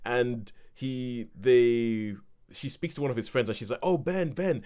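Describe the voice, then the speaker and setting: A man's voice: mid-range voice, fairly even intonation, unhurried, a little mellow, smooth. A man co-hosting a podcast, chatting casually and rambling through a review with laughs between points. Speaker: podcast co-host.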